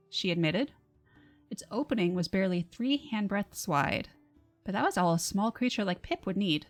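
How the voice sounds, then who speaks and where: A woman reading her own fantasy novel on a livestream, with soft, measured narration and casual asides. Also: fairly low pitch, soft background music. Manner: soft, measured narration, laughs between passages.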